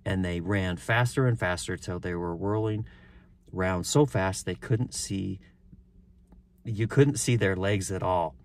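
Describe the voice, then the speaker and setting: A man's voice: low-pitched, unhurried, no echo. A man reading a children's story aloud, chuckling and stumbling now and then, with chatty asides. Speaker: reader.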